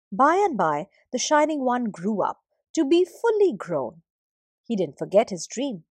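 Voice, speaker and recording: A woman narrating a myth as a storyteller, in a gently expressive way. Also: medium pitch, measured pace, breathy edge, dry recording, clean studio sound.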